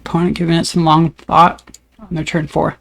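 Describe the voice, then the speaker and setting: Gravelly-voiced man narrating his card game. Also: a little high, normal speed. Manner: thinks aloud about each play, relaxed and upbeat. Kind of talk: casual gameplay commentary.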